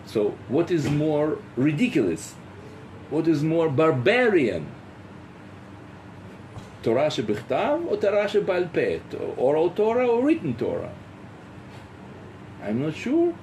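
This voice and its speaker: A man teaching as a rabbi in a philosophy lecture, halting with many fillers and acting out little dialogues. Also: a little high, huge pitch swings, a little mellow, slight background noise. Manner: rhetorical, acts out dialogues.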